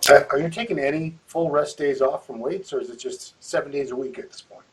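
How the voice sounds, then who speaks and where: A man's voice: fairly high pitch, brisk, poor audio. A man hosting an interview, asking questions and reading out viewer questions in a casual tone. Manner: short encouraging responses, reads out viewer questions. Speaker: interview host.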